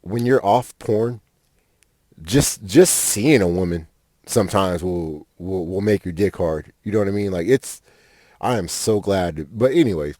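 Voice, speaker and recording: Deep-voiced profane guy rambling. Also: animated, unhurried, dark tone, no room sound, clean studio sound. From Fort Worth, Texas. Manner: rambling and profane, many fillers. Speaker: podcast host. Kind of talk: casual storytelling monologue.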